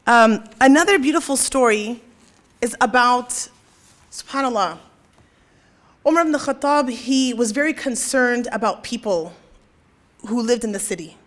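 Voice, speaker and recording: Woman, young adult, religious lecture, higher voice, storytelling, keeps asking "right?". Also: expressive, measured pace, pauses often. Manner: storytelling, often checks in with "right?". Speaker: convention speaker.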